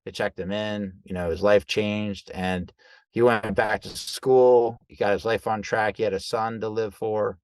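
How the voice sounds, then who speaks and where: A man, a guest coach, telling stories in a loose, conversational way, acting out quoted dialogue with lively jumps in voice. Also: on the low side, a little slow, smooth, dry recording. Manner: animated, acts out quoted dialogue; loose, conversational with fillers like right and like. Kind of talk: casual storytelling in an interview.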